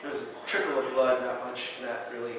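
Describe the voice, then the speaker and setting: A man lecturing as a chiropractor at a conference, telling a patient story with lively acted-out quotes. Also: a little fast, a crowd in the background. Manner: animated storyteller, acts out quotes with big pitch jumps. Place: conference hall. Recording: very echoey hall, voice from far off.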